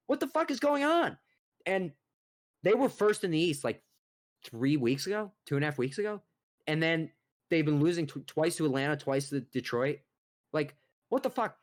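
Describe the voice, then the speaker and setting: A young man co-hosting a sports podcast launches into a profane, exasperated rant. His voice sits fairly high for a man, and he swings between fired-up outbursts and muttered asides. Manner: profane, exasperated, animated ranting. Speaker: podcast co-host.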